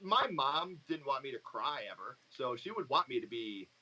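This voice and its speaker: Bright-voiced man cracking dark jokes. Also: mid-range voice, normal speed, dull audio, slight background noise. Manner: dark deadpan joker. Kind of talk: casual group chat on a live stream.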